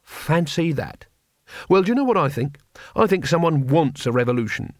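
A man's voice: on the high side, very animated, dry recording, studio quality. A man reading an audiobook, voicing a nervous, sardonic male wizard who argues in an exasperated, needling way. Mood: scornful. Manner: exasperated, needling, quick to flee. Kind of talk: audiobook character voice.

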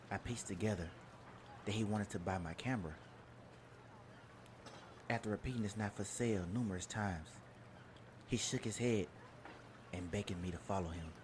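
A man reading a first-person adventure story in a measured, journal-like way, with crowd noise behind. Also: sits low. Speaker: narrator.

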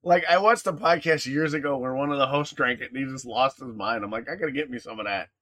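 A man co-hosting a podcast in casual chat, enthusiastic and full of quick reactions. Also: mid-range voice, a bit bright. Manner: enthusiastic, many short reactions. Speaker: podcast co-host.

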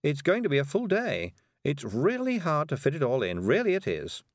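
A man's voice: fairly high pitch, wildly swooping pitch, moderate pace, dry recording, clean studio sound, voice pushed up. A man reading aloud, voicing a fussy, kindly, busy middle-aged woman witch.

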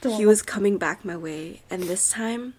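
A woman's voice: medium pitch, a little slow, darkish tone. A young woman reading a horror story aloud on a podcast, slipping into whispers at the scary parts. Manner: drops to a whisper at tense moments.

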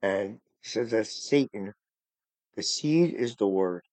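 A man hosts a casual faith podcast in a dark, mellow voice. He rambles earnestly and gets heated when he talks about preachers. The sound is dry and close, with no room echo. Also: lowish voice, slow. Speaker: podcast host.

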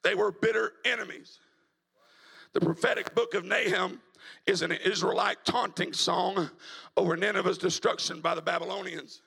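Raspy, high-voiced preacher swinging to shouts. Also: male voice, steady tone, normal speed. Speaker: evangelist preacher. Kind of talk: sermon. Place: church sanctuary.

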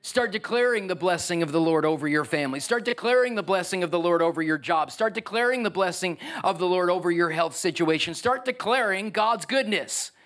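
A man preaching a lively sermon as pastor, acting out the voices of biblical figures. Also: high voice, brisk, hardly any pauses.

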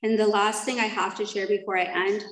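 A woman's voice: mid-range voice, level tone, fairly quick. Candid rambling woman sharing in a roomy hall. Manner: candid, rambling, self-deprecating, laughs often. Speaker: speaker sharing at a recovery meeting. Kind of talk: personal testimony to a group.

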